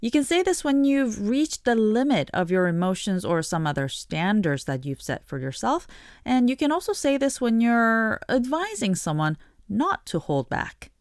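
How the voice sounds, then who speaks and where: Brief: woman hosting a radio language lesson, animated and explanatory, dry studio sound. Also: a little high, normal speed, no room sound. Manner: clear, explanatory teaching tone.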